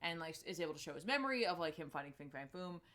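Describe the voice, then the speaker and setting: A woman's voice: low-pitched, lively intonation, rapid-fire, fairly bright tone. A woman hosting a comic book show, casually recapping a story with lots of fillers and quoted lines. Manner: chatty, many fillers, acts out quotes. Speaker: comic book podcast host.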